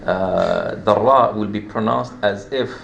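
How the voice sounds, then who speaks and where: A man's voice: on the low side, slow, vocal fry, lo-fi sound. A man teaching a classroom lesson on Quran recitation, explaining patiently step by step with repeated examples. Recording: echoey room, light background hum.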